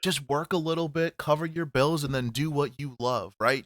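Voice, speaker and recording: A man's voice: a little high, moderate pace, no room sound. Male podcast co-host, rambling casual chatter, dry close sound. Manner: rambling, swears, laughs loudly. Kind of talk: casual chat.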